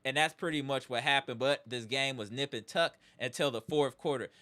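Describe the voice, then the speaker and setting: A man's voice: medium pitch, fairly quick, pushed and bright. A man hosting a live sports reaction stream, ranting emphatically with slang and repeated catchphrases before settling into a game breakdown. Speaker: sports talk show host.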